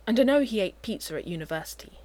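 Woman reading as a stiff, haughty older gentleman. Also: mid-range voice, animated, fast talker, natural voice. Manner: clipped, stiff and disapproving. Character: stuffy haughty older upper-class man.

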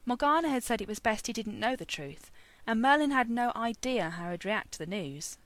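A woman reads a story aloud, narrating with expressive, wry turns. Her pitch rises and falls freely. The recording is close and dry. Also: moderate pace, no echo. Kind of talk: audiobook story reading.

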